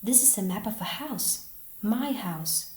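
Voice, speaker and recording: Wary, hard-up girl from centuries back, read by a woman, hesitant and slow; roomy sound. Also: medium pitch, lively intonation, natural voice. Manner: hesitant, guarded. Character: poor, wary girl from long ago. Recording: roomy echo.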